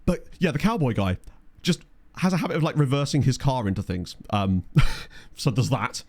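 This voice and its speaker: A man's voice: mid-range voice, lively intonation, normal speed, darkish tone. A man with a chatty, jokey manner, live-streaming a management game and reading out stats while talking to chat.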